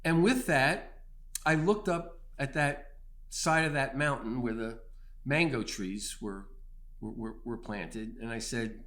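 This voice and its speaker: A middle-aged man telling a personal faith testimony in an earnest way, swinging from loud bursts to hushed near-whispers. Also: medium pitch, slow pace. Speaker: storyteller giving testimony.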